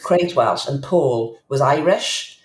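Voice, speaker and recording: With a bass voice and lively intonation, a middle-aged woman on a podcast slowly tells candid, reflective personal stories. She is emotional and keeps restarting her sentences. Slight background noise and a roomy echo are audible.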